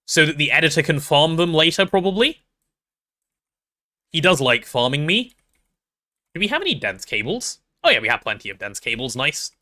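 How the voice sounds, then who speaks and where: A young man streams a game and chats casually, rambling playfully through self-deprecating stories. His voice is a little high, with a sharp tone.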